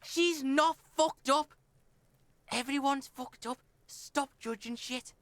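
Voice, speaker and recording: A bratty young boy snaps back in a high, drawn-out voice, as a man puts it on. The recording is dry and close. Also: fairly bright tone, no echo, exaggerated voice. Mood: scolding.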